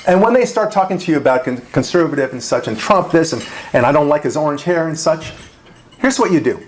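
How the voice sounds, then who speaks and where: A radio talk show host giving a speech to a dinner audience, punchy and rhetorical, with frequent asides asking "right?" and small laughs. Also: male voice, a little high, animated, fast talker. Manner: conversational, with restarts and small laughs.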